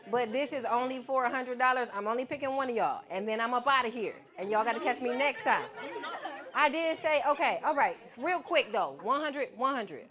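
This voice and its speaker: Woman keynote speaker on a handheld mic, chatty and playful with the kids in the hall. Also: on the high side. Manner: lively, playful, calls on the crowd. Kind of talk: casual speech to a student audience. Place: event hall with an audience.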